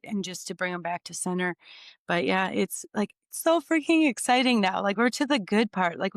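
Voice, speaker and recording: A woman hosting a podcast, talking in an upbeat, earnest way in quick bursts. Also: mid-range voice, fairly bright tone, clean tone, no room sound, studio quality. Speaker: podcast host. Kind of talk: casual chat.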